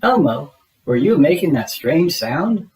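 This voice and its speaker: A man voicing a big, gentle, childlike bird in a storybook, friendly and full of wonder. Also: on the high side, big pitch swings, a little slow, echoey room, recorded from a distance, poor audio. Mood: puzzled.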